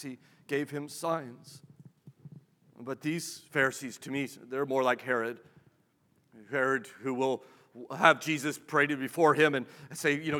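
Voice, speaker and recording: A man preaching a sermon as pastor, conversational, with rhetorical questions and dramatic drops to a hush. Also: fairly high pitch. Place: church sanctuary. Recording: long reverb of a large hall.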